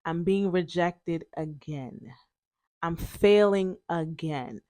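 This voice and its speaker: Young female podcast host, chatty storyteller, fillers and restarts, lower register, dry room. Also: slow pace, darkish tone, no room sound. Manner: chatty, frequent fillers and self-corrections.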